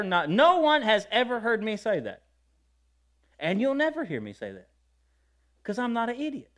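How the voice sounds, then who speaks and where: A male preacher telling stories in a sermon in a folksy, conversational way, swinging between loud and quiet and often laughing. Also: very high-pitched. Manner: lively storytelling with wide swings in loudness and frequent laughter. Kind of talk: storytelling sermon.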